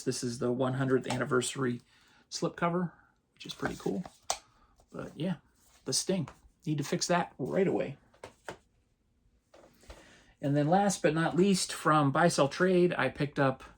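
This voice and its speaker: A man, casually running through his latest movie purchases as a channel host, relaxed and rambling. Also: a little high, gravelly, husky. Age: 50s. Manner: relaxed, rambling, chuckles often. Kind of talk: casual haul rundown.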